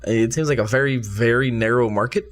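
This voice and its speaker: A man co-hosting a podcast in casual chat, dropping wry asides and quick agreements. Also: medium pitch. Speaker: podcast co-host.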